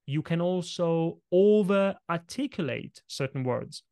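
A man who is not a native English speaker, a presentation coach guesting on a podcast, talking with lively, shifting emphasis. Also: mid-range voice, measured pace, dry recording. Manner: energetic, varied emphasis, punches and stretches words. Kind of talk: podcast interview, explaining tips.

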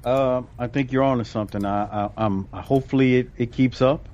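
Man, mid-pitch, casual podcast guest, repeats and restarts, dull lo-fi line. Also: steady tone, a little mellow. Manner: halting, repeats words, restarts often. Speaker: youth sports coach.

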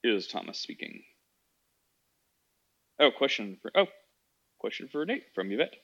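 A man's voice: mid-range voice, sing-song, unhurried, creaky, fairly bright tone, lo-fi sound. A man hosting a casual call-in podcast, talking in a rambling way with many fillers and restarts. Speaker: podcast host.

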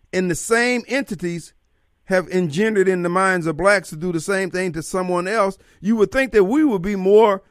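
A man's voice: high-pitched, dry recording, clean studio sound. Combative talk radio host man. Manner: combative, interrupting, laughs often.

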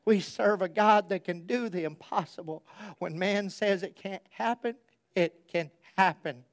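A man putting on the slow, quavering voice of an elderly woman of faith who reassures a friend. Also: sits high, no echo. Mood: reassuring.

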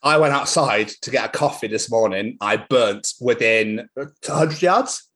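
A young man co-hosting a podcast in casual chat from his flat, excitable and sweary, often laughing. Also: medium pitch, unhurried. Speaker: podcast co-host. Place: hot flat.

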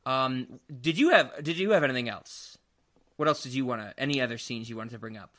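A man hosting a casual movie podcast, animated, laughing and swearing freely. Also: mid-range voice, fairly quick. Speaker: podcast host. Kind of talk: casual movie review chat.

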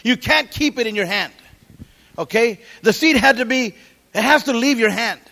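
A middle-aged man preaching a sermon as pastor, animated, quoting scripture and cracking jokes. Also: very high-pitched, moderate pace, creaky.

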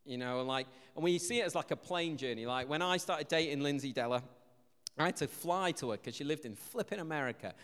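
A young Englishman gives a chatty, humorous sermon, slipping into animated little stories and playful asides to the congregation. His voice sits a bit high for a man. It rings out with a long hall reverb around it. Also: brisk, smooth. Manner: chatty, jokey, animated storytelling with shouted asides. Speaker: preacher. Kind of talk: casual sermon with jokes. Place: church hall.

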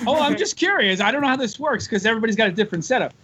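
A young man guesting on a podcast, crude and animated, laughing through his stories in casual chat. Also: very high-pitched, racing, slight background noise. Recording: dull lo-fi audio.

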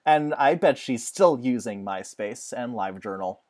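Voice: mid-range voice, animated, normal speed, darkish tone. A podcast co-host chatting casually, rambling with enthusiasm and lots of fillers. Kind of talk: casual chat.

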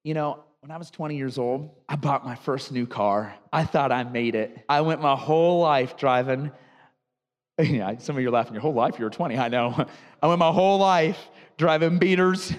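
A man in his thirties, a pastor from the United States, preaching a sermon and telling animated personal stories that make him laugh. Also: mid-range voice, normal speed, in a large hall. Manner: storytelling, animated, laughs at own anecdotes.

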